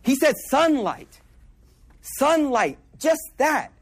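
A man preaching in a loose, slang-heavy way, his voice sitting high and swinging widely up and down. He acts out the people he quotes as he talks to the gathering. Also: big pitch swings, takes it slowly. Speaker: religious speaker at a gathering. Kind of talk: casual sermon.

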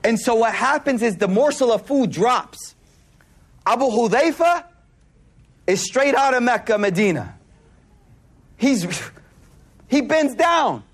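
A man giving a sermon to a live audience, telling stories in an animated way, laughing as he goes, and using casual slang with lots of repeated words. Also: extremely high pitch, slow, pauses often. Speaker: Islamic speaker.

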